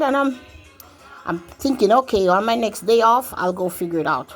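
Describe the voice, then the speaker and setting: A woman's voice: fairly high pitch, brisk, soft background music. A woman telling a personal story in a rambling, casual way, acting out what people said along the way. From grew up outside the country she now lives in. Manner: rambling, quotes herself and others in lively acted-out voices.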